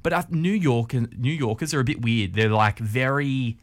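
An Australian man co-hosting a breakfast radio show, easygoing and quick to laugh in casual chat. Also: mid-range voice. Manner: easygoing, laughs often, storytelling. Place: radio studio.

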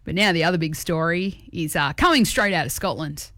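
A woman co-hosting a breakfast radio show, chatty and teasing, quick to laugh, on a studio mic. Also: lowish voice, fairly bright tone, dry recording. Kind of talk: casual radio banter.

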